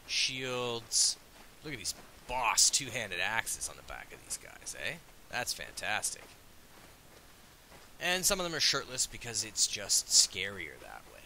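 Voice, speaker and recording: A man as host giving jokey, excitable let's play commentary. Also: fairly low pitch, a little hiss or hum. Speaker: gaming host.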